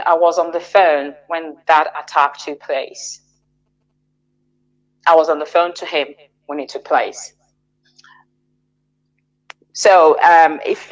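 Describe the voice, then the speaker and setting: A radio interview guest, a middle-aged woman whose voice sits low, shares a personal story in a measured, hesitant way, often restarting and using fillers. The audio quality is poor.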